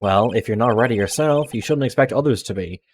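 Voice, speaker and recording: A man's voice: medium pitch, lively intonation, brisk, a little hiss or hum, natural voice. A man voicing a cocky, mysterious prosecutor who speaks in a smug, curt way.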